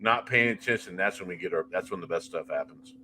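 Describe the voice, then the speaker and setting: A middle-aged man with a low, bright, forceful voice tells ghost-hunting stories in an animated, anecdotal way, restarting sentences as he goes. He talks freely and casually. A faint hiss sits under his voice. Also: quick pace. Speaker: paranormal investigator guest. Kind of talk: casual interview chat.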